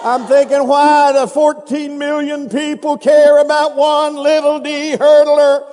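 A man's voice: very high voice, flat delivery, a little slow, darkish tone, faint music behind, a faint crowd. A man preaching a sermon, telling a story dramatically with sound effects and repetition. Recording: reverberant hall.

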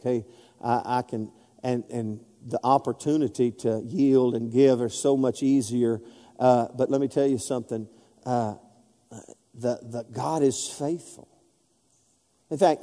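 A man's voice: mid-range voice, mellow. A man preaching a sermon as pastor, emphatic and calling out to the congregation. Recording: long hall reverb.

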